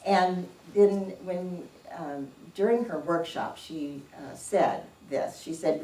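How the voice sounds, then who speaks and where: A woman giving an informal sermon in a church, unhurried and anecdotal, often chuckling as she tells stories. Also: deep voice, steady tone, dark tone. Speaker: church speaker. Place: church sanctuary. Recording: echoey room, distant mic, faint noise.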